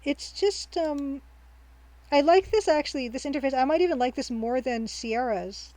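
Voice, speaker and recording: A woman's voice: high voice, moderate pace, dark tone, dry recording, low-quality recording. A woman streamer giving casual let's-play commentary, chatty and rambling, thinking aloud with frequent ums and easy laughs. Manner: cheerful, laughs easily.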